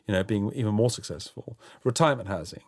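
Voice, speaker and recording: A middle-aged man with a somewhat low voice speaks frankly and thoughtfully, often restarting his phrases as he works out what to say. The recording is dry and close, with no room sound. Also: no echo. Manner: frank, measured, with frequent restarts. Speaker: interview guest, housing developer. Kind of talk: reflective interview answers.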